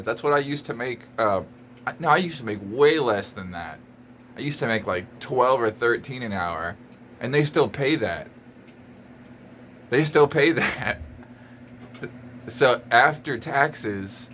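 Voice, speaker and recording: A man ranting to his camera in an exasperated, emphatic way, repeating his points and laughing between lines. His voice sits at an ordinary pitch for a man, with a faint hum of background noise behind it. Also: a bit bright. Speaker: vlogger. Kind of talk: casual rant to camera.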